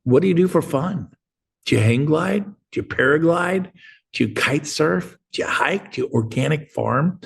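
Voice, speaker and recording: A middle-aged man who coaches real estate agents, giving an energetic, rambling motivational talk on a group video call and acting out bits of dialogue. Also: fairly high pitch, moderate pace, vocal fry, slightly rough.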